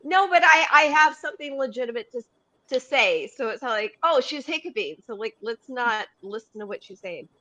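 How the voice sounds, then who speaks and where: A woman's voice: fairly high pitch, animated, moderate pace, bright, forceful tone. A woman with the hiccups talking on a casual panel show, laughing often and restarting her sentences.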